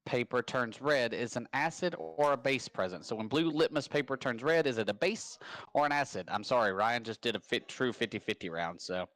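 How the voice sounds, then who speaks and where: A man hosting a casual live-stream trivia game, rambling and upbeat with quick bursts of hype. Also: medium pitch, expressive, a bit bright, dry recording. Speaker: trivia host. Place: home.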